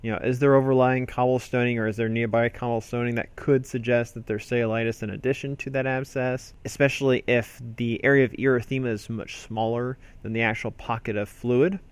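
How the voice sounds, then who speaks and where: A man's voice: mid-range voice, steady tone, fairly quick, few pauses, smooth, no echo. A man, an emergency physician, teaching a medical procedure in a conversational, explanatory way. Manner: conversational, explanatory, with fillers and restarts. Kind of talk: spoken medical lesson.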